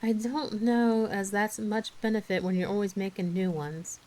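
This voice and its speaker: A woman voicing a brisk, stern older woman who scolds sharply. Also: medium pitch, fairly even intonation, darkish tone, natural voice, rough recording. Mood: exasperated.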